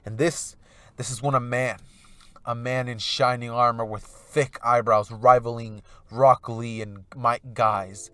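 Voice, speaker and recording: A man's voice: medium pitch, steady tone, measured pace, a bit bright, no room sound. A man casually narrating a what-if fan story, rambling with loose filler phrases.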